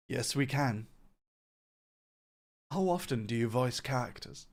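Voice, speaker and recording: Gravelly-voiced man answering chat questions. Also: medium pitch, measured pace, long pauses. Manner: relaxed, rambling, reads chat questions aloud. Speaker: company CEO answering viewer questions. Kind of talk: casual livestream Q&A.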